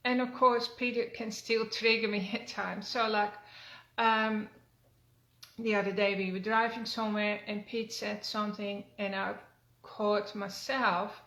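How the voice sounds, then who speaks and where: An older woman giving a gentle, earnest self-help talk as a wellness coach, with frequent fillers and restarts. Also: mid-range voice, little pitch movement, unhurried. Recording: roomy echo.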